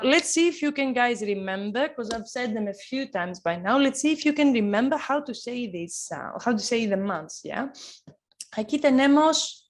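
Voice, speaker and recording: A woman teaching an online lesson, encouraging and repeating words slowly to model pronunciation. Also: a little high. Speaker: Spanish teacher.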